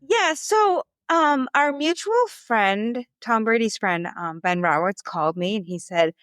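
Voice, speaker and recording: A woman who is a marathon runner and coach, telling stories in a lively, chatty way as a podcast guest. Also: medium pitch, no echo. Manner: animated, quick storyteller acting out quotes. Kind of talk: casual storytelling interview.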